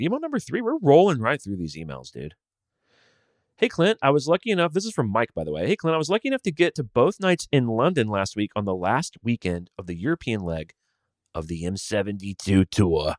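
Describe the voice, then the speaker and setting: A man's voice: mid-range voice, no echo, studio quality. A man hosting a podcast on his own, chatting casually and animatedly in a slangy, joking way. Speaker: podcast host. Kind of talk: casual solo podcast chat.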